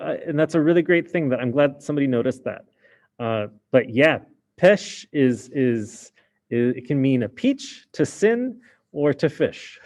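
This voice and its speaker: A man's voice: a little high, darkish tone. A man teaching a French class in a casual explaining way, with many fillers. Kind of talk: recorded class lesson.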